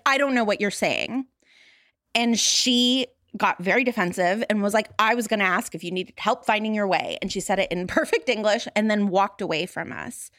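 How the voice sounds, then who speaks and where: A woman's voice: medium pitch, fairly bright tone, no room sound, studio quality. A woman co-hosting a podcast, candidly telling her own stories with self-deprecating laughter. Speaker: podcast co-host. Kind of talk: candid conversational podcast talk.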